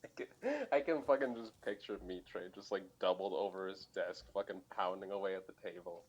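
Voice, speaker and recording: Laughing, swearing male co-host, low voice. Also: fairly even intonation, a little fast, muffled recording. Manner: laughs often, heavy swearing. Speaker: podcast co-host. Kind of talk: casual chat.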